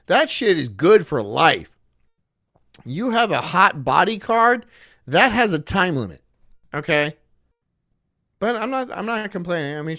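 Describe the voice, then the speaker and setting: A man's voice: high voice, a bit bright. A man streaming casually, reading chat and rambling through crude jokes that he often laughs at himself.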